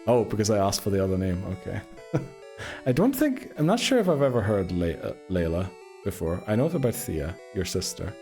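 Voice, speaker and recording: A man's voice: lowish voice, very animated, a little fast, dark tone, soft background music. A man casually hosting a game live stream, laughing and greeting viewers by name. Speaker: streamer host.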